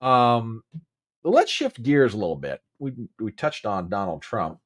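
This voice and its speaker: A man's voice: on the low side, big pitch swings, unhurried. A Southern American man hosting a casual political commentary livestream, chatty and emphatic, repeating phrases and answering viewers by name. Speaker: host.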